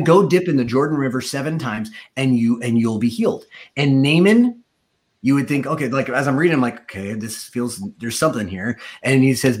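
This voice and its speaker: A man telling his own story in a sermon, acting out the quoted voices as he goes. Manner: storytelling, acts out quoted voices with rising pitch. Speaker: preacher giving testimony. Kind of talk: sermon testimony.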